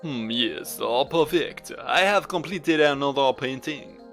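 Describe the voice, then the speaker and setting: A man's voice: medium pitch, animated, a little slow, fairly bright tone, soft background music. A man voicing a vain male artist with a mock French accent, boastful and grandiose.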